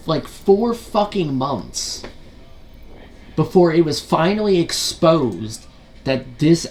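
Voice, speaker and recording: A man's voice: fairly high pitch, a little mellow. A man ranting as a gaming video commentator, frustrated and profane, full of rhetorical questions and repeated fillers.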